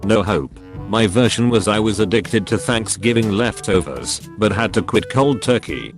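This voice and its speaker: Male narrator, low and lively, deadpan joke reading, faint music underneath. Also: moderate pace. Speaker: narrator reading Reddit posts. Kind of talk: scripted narration of jokes.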